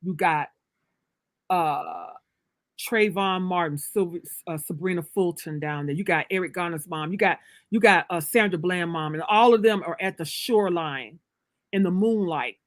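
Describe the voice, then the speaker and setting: A woman's voice: lowish voice, moderate pace, no echo. Emphatic preacherly woman storyteller. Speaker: author, guest. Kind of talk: casual livestream interview.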